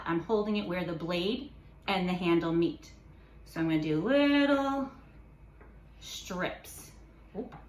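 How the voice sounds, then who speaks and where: In a kitchen lesson, this woman walks through every step with patience and drops in playful comments along the way. She has a mid-range, fairly bright voice, recorded in an echoey room.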